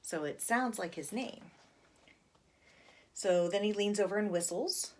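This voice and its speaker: A woman's voice: mid-range voice, measured pace. A woman casually talking about a favorite horror graphic novel, chatty, with plenty of fillers. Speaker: book reviewer. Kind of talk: casual book talk with read-aloud.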